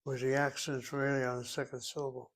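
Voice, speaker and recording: Man, Hebrew teacher, deliberate lecturing, thinks aloud, mid pitch. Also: flat delivery, fairly bright tone. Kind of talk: classroom grammar lecture.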